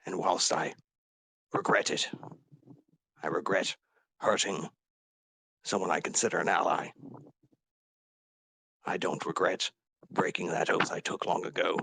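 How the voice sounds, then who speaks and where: A man voicing a grief-stricken dragonborn warrior, confessing in a raw, halting way with whispered breaks. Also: low-pitched, steady tone, vocal fry, sharp tone, breathy edge, dry recording, full character voice. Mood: resolute. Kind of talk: tabletop role-play character speech.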